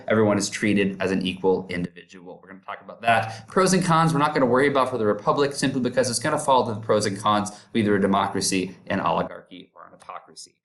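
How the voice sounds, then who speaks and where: A man giving a casual, upbeat classroom lecture who keeps checking in with his listeners. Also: on the low side. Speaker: teacher.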